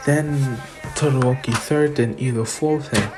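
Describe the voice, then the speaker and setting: A woman's voice: extremely low pitch, a little slow, over music. A woman telling a fan-made what-if story in a rambling, improvised way. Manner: rambling, with many fillers and restarts.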